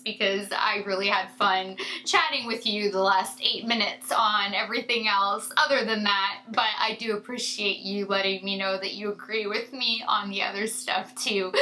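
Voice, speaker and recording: A woman's voice: on the high side, unhurried, pushed and bright, rough recording. A woman beauty vlogger chatting casually to her viewers in a rambling way, with many fillers and asides. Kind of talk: casual chat to camera.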